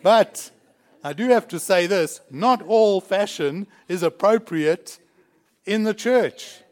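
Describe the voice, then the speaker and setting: A man's voice: sits high, slow pace, darkish tone. A man from South Africa preaching a sermon in a church, emphatic and chuckling between points. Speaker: pastor.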